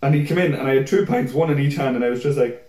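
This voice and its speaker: Racing through his words, a young podcast co-host relates drunken escapades in casual chat, swearing heavily and doing high-voiced impressions of people. The recording is reverberant.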